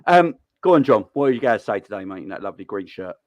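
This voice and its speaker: A man hosting a football call-in live stream, excitable and slangy, laughing often between lines. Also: lowish voice, fast, no echo, dull audio. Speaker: host of a football call-in show. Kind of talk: casual live-stream chat.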